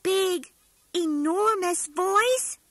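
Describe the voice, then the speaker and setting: A woman voicing a cheerful toy bear storyteller, reading a storybook tale in a slow, sing-song, emphatic way. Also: very high voice, a bit bright, no echo, heavily acted. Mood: gentle, storytelling. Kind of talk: scripted storybook narration.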